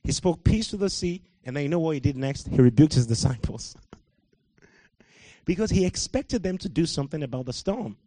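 A preacher from Africa delivers a sermon, dropping to quiet, musing asides before building into loud, shouted exhortation. His voice sits high for a man and comes across dry and close, with no room echo. He laughs at himself now and then between points. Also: animated, brisk.

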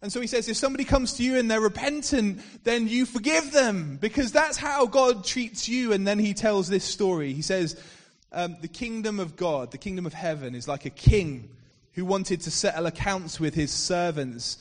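A man preaching a sermon, retelling a parable with expressive storytelling that swells to loud emphasis. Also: high voice, moderate pace, few pauses. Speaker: pastor. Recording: reverberant hall.

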